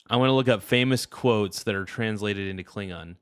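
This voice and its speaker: A man's voice: on the low side, a little fast, hardly any pauses, smooth, no echo, clean studio sound. A man hosting a livestream, chatting casually and crudely while thanking viewers for gifts. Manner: rambling, joking, crude. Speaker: livestream host.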